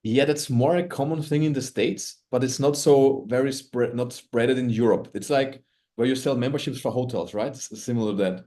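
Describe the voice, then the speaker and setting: A man's voice: medium pitch, moderate pace, dark tone. A male podcast host with a mid-range voice asks brief questions and sometimes stumbles over the start of them. He keeps his prompts short. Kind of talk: interview questions.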